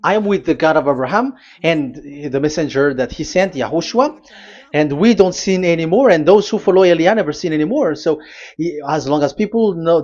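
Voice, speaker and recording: Man, sermon, higher voice, emphatic questions, dull lo-fi sound. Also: darkish tone. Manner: emphatic, rhetorical questions, frequent fillers. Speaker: preacher. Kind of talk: sermon with scripture reading. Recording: slightly dull lo-fi audio.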